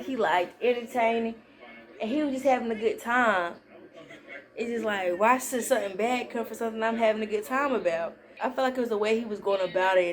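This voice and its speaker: A young adult woman vlogger in a casual movie review chat, animated and slangy, often acting out lines she quotes. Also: medium pitch.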